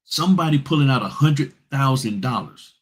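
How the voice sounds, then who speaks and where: A man's voice: mid-range voice, expressive, moderate pace, husky. A man hosting a notary business vlog, giving blunt, straight-talking advice and repeating points for emphasis.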